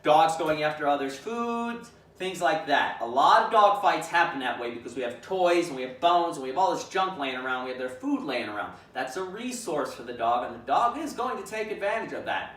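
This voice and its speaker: A man giving a dog-training lesson, explaining calmly and acting out commands aloud. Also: on the high side. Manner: calm, demonstrates commands aloud. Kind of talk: instructional demonstration. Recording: echoey room, mic at a distance.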